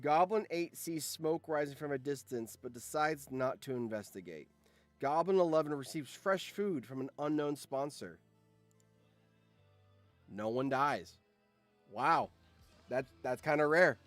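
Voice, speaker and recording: An excitable male host reacting to a game out loud in casual commentary, his voice sitting a little high. He drops to low mutters, then bursts into shouts, with faint music playing underneath. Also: measured pace, pauses often. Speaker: channel host and streamer.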